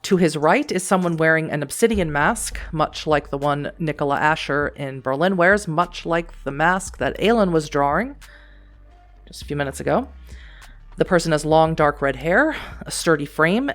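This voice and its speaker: A man runs a tabletop game, setting scenes in steady, descriptive narration. His pitch is middling, and faint music plays under his voice. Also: moderate pace. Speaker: game master.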